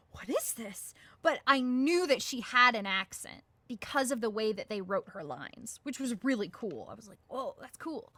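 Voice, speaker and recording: A woman voice actress talks through her craft in a relaxed interview, with lots of "like" and "um" fillers and little acted-out quotes of her own thoughts. Her voice is bright and fairly high, and it sounds dry and close, with no room around it. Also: no room sound. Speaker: guest voice actress. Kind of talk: casual interview answers.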